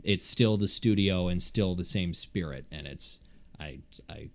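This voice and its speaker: A man's voice: low voice, measured pace. A young man with a nasal voice, co-hosting a podcast in casual, rambling chat full of fillers and restarts. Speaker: podcast co-host.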